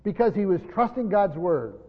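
A man teaching a Bible study to a group, stressing key words loudly and then dropping to quiet asides. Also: sits high, big pitch swings, normal speed. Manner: emphatic, swinging between loud stresses and quiet asides. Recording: dull lo-fi sound in a large echoing hall.

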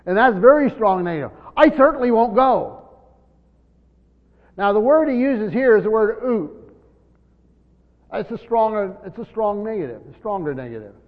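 A high-pitched male pastor preaches a verse-by-verse sermon, earnest and insistent, hammering key words and doubling back on phrases. The recording is dull and lo-fi, and his voice rings through a church hall with a long reverb tail. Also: lively intonation, normal speed. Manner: earnest, repeats words, stresses key words, voices imagined speakers.

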